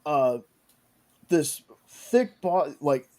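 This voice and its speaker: A man walks through a TV episode scene by scene, stopping and restarting his sentences as he goes. His voice sits a little high but has a mellow, soft tone. It comes across as relaxed, casual chat. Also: very slow. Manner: rambling, with many restarts and "like". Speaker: podcast host recapping a show.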